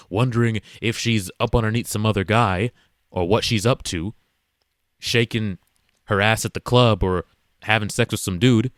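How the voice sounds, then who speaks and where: A man's voice: lowish voice, no room sound, studio quality. A man hosting a reaction video, talking bluntly and emphatically as he lectures other men. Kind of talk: casual commentary to the camera.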